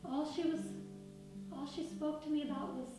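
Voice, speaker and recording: A woman's voice: sits high, steady tone, moderate pace. A woman storyteller voicing a remorseful male drunkard who earnestly pleads with a rabbi. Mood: pleading. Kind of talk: told story. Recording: echoey room from far off, music behind.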